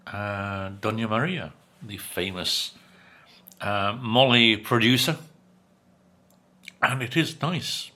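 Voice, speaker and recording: A man's voice: mid-range voice, sharp tone. A man reviewing takeout food in a casual chat while he eats, with dry humor, chewing and humming between remarks. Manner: unhurried, chatty, dry humor, chews and hums between remarks. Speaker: food vlogger.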